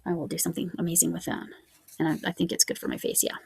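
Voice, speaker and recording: A woman's voice: fairly low pitch, big pitch swings, rapid-fire, creaky, darkish tone, slightly rough, no echo. A woman crochet vlogger chatting casually at home, musing aloud as she reads out yarn labels. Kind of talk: casual show-and-tell chat.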